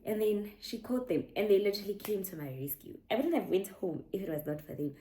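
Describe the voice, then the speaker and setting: A woman's voice: mid-range voice, fast. South African woman telling a storytime. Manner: animated, mixing Zulu slang into English. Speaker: YouTuber. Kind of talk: storytime vlog.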